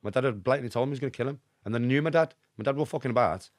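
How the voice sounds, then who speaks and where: A middle-aged man with a Birmingham accent, a podcast guest telling rapid, emphatic anecdotes and constantly checking in with the listener. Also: medium pitch, no room sound, studio quality. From Birmingham, England. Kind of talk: casual storytelling.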